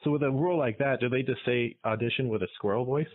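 A man's voice: mid-range voice, quick pace. A man interviewing a guest, asking eager, rambling questions. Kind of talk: casual interview. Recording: phone-like narrow sound.

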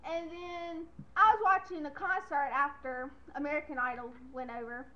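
A woman's voice: high-pitched, fairly even intonation, moderate pace, sharp tone. A young woman vlogging casually to camera, chatty and giggly, rambling from one thing to the next, on lo-fi webcam audio.

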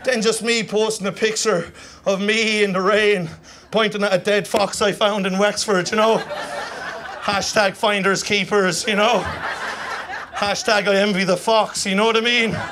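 High-voiced Irish comic on stage. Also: male voice, little pitch movement, noisy background. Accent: Irish, Kilkenny. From Ireland. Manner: rapid rambling delivery, constant "you know what I mean". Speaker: stand-up comedian. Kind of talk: stand-up comedy set. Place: comedy club stage with laughing audience.

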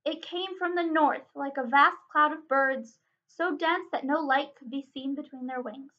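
Bright-voiced woman reading a storybook aloud. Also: sits high, a little slow. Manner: expressive, dramatic reading. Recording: dull lo-fi recording.

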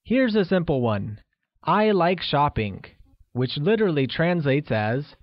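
A man reading a scripted language lesson, slowly spelling out each phrase for learners. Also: fairly high pitch, very animated, dry recording. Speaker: language teacher. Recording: dull, lo-fi voice-over recording.

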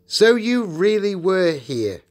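Man doing a schoolboy's voice, higher than his own, bluff, exclaiming, audiobook reading. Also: big pitch swings, measured pace. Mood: indignant. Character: eldest schoolboy, blunt and decent.

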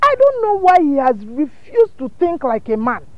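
A soothing, firm aunt with an animated voice. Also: female voice, high-pitched, moderate pace, no echo, highs cut off. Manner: soothing, scolding. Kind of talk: film drama.

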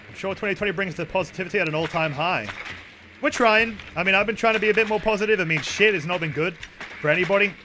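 A man's voice: high-pitched, fast, noisy background. A tired man streaming a game, rambling and joking with his chat in casual talk. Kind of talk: casual live-stream chatter while gaming.

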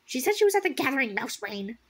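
A woman voicing a sharp-tongued young female clan cat in a raised, snappy reading voice. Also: high voice, very animated, fast talker, exaggerated voice.

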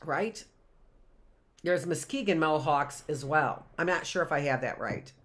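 A woman's voice: low voice, animated, a little slow. A woman, a teacher reading a picture book aloud to young children on a livestream and wandering into chatty asides and questions.

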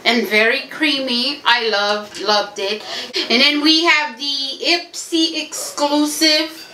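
Woman from Haiti, beauty vlogger, casual unboxing chat, slow, echoey home room. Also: high-pitched, steady tone, sharp tone. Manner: chatty, gushing, addresses viewers as y'all. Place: home room with family noise around.

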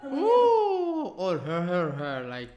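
A man's voice: mid-range voice, slow, lo-fi sound, music in the background. A man from Algeria hosting a reaction video, gushing with effusive praise in simple, broken English. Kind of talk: casual reaction commentary. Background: loud song playing.

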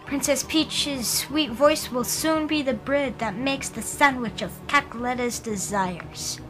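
A woman putting on a shrill, crazed little male henchman who gloats and rants at the top of his voice, his grammar all mangled. The voice sits high and the delivery is slow and drawn out, like a game villain. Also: over music, rough recording. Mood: gloating. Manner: loud ranting with mangled grammar.

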